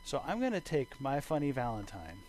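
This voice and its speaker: A man teaching a bass lesson over a video call, relaxed and rambling, thinking aloud with fillers. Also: a little fast, a little hiss or hum, rough recording. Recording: bass guitar playing behind him.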